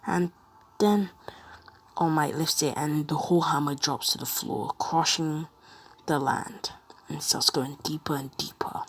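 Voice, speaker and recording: A woman narrating an improvised fan story, rambling and halting. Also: deep voice, fairly even intonation, breathy edge.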